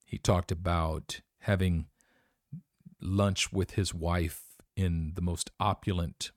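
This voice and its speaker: A man's voice: deep voice, dry recording, studio quality. A man hosting his own podcast, speaking an earnest, emotionally reflective confessional monologue. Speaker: podcast host.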